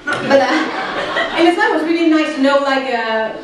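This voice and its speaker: A woman's voice: sits high, expressive, unhurried. Woman comic, dry hesitant delivery, heard from a distance over noticeable background noise. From Hong Kong. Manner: dry punchlines broken by frequent fillers and hesitations. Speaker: stand-up comedian. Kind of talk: stand-up comedy set. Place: comedy club stage. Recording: very echoey, distant stage mic with noise.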